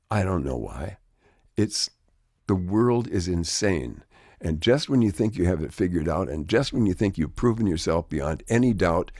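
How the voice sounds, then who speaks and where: A man's voice: low voice, mellow, no room sound, clean studio sound. An older man, a guest, telling rambling anecdotes in a conversational, wry way. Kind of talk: anecdotal storytelling.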